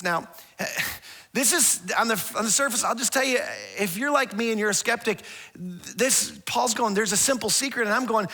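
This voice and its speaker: High, bright-voiced male pastor preaching. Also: moderate pace. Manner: conversational, stumbling restarts and repeated words; animated storytelling with acted-out quotes. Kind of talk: sermon.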